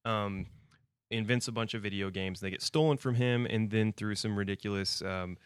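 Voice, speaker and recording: A young man hosting a podcast, chatting in a relaxed, wry way. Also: lowish voice, normal speed, clear, resonant tone, no room sound, clean studio sound. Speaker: podcast host. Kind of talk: casual chat.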